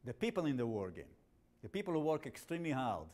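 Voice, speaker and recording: Blunt, animated male instructor with an accent. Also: medium pitch, quick pace. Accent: non-native English. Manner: animated, blunt, jokey, with frequent restarts. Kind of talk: classroom lecture.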